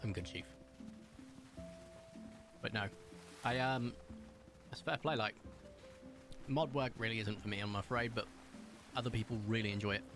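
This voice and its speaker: A man's voice: on the low side, steady tone, normal speed, pauses often, over music. A young British man streaming live and chatting casually, rambling with lots of fillers and restarts.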